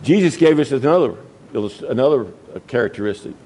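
A man's voice: expressive, a little fast, a little mellow, breathy edge, low-quality recording. Emphatic Baptist preacher man. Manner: swings from low murmurs to high emphatic peaks. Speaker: Baptist pastor. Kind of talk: sermon.

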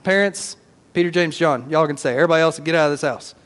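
A man's voice: fairly high pitch, quick pace, a bit bright, big-room sound, close to an everyday voice. A man playing Jesus as a blunt, commanding figure in a retold story, in a casual, slangy way. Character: commanding adult male Jesus, blunt and impatient.

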